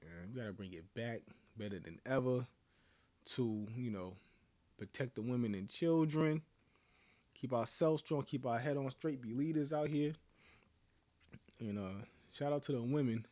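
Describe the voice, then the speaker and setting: A man's voice: mid-range voice, fairly bright tone. A young man hosting his channel, ranting to camera in a blunt, profane way and laughing between his points. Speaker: channel host. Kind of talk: casual rant to camera.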